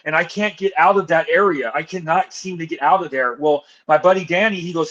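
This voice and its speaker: A young man, fairly high-voiced, tells his story as a podcast guest. He talks casually and with animation, tossing in slang as he goes. The recording sounds dull and lo-fi. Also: fairly quick, few pauses. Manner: animated storyteller, slangy, calls people bro and dude.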